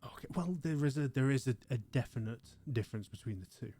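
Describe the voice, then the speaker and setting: A man's voice: medium pitch, animated, fast talker, warm tone, slight background noise, lightly acted. A man voicing a perplexed adult ship's doctor who talks in a polite, hesitant, awkward way. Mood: clinical, lecturing.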